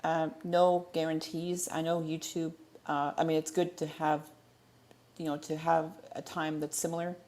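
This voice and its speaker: A woman's voice: deep voice, flat delivery, moderate pace, a little mellow. Rambling woman on a livestream. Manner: rambling, stumbling over words, self-correcting. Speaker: livestream host. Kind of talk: casual livestream Q&A chat.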